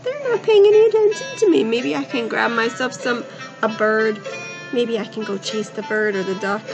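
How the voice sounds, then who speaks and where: A woman's voice: a little high, lively intonation, normal speed, gravelly, lo-fi sound, music in the background. A woman voicing a sneaky cat in a children's story, musing slyly as it plots to pounce. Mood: scheming. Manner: sly, musing, plotting aloud. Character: sneaky scheming cat on the prowl.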